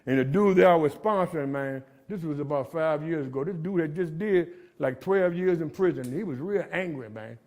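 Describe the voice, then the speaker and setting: A man's voice: fairly high pitch, moderate pace, hardly any pauses, darkish tone. A middle-aged man speaking at a jail gathering, telling his recovery story in street slang and ending lines with "man.". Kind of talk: motivational recovery talk.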